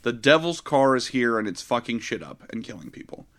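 A man co-hosting a casual movie podcast, retelling scenes in an excitable, profane way. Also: mid-range voice, fairly quick. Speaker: podcast co-host. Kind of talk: casual movie review chat.

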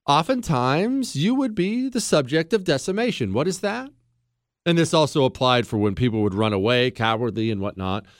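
A man's voice: a little high, dry recording, studio quality. A man hosting a talk radio show, delivering an emphatic, fired-up monologue full of rhetorical questions. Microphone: studio microphone.

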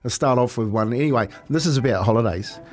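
A New Zealand man co-hosting a breakfast radio show, spinning animated childhood yarns and teasing his co-host. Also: mid-range voice, fast talker, faint music behind. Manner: animated yarn-spinner who asks teasing questions. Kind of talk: casual radio banter. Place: radio studio.

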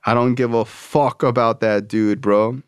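A man's voice: medium pitch, fairly even intonation, a little slow, clean tone, no room sound, clean studio sound. A man sharing his recovery story in profane, casual, slangy talk. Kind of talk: personal storytelling.

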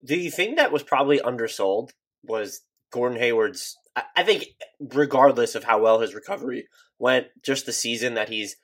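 A man's voice: medium pitch, expressive, normal speed, a bit bright, slightly rough. A man hosting a casual sports podcast, thinking aloud in a conversational way and restarting his sentences. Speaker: podcast host.

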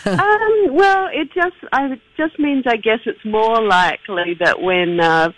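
An Australian woman guest in a casual interview, hesitant, with many ums and soft laughs. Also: a little high, animated, a little slow, poor audio. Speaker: author guest.

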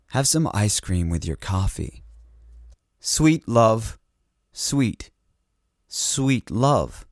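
A man's voice: on the low side, dry recording, studio quality. An actor playing an eccentric man who records a solemn, grandiose farewell message to humanity in an audio drama. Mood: wistful. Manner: slow, grandiose, with mock-Latin pronouncements.

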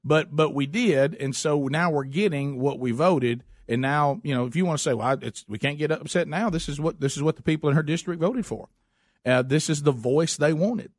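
A man's voice: fairly high pitch, normal speed, no room sound, clean studio sound. A man hosting a political talk show, speaking emphatically and often repeating words as he starts a thought. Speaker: talk radio host.

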